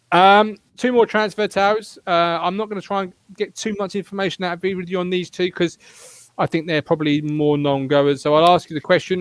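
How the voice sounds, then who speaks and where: Jokey, fast-talking male podcast host. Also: a little high, no room sound. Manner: animated, jokey, teasing co-hosts. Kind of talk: casual fan podcast chat.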